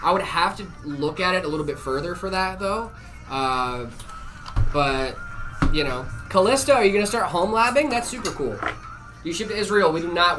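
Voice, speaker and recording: A man's voice: high-pitched, moderate pace, faint music behind. A man hosting a live stream, casually answering viewer questions with lots of "uh" and "um" and easy jokes. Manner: relaxed, full of "uh" and "um" fillers, jokey.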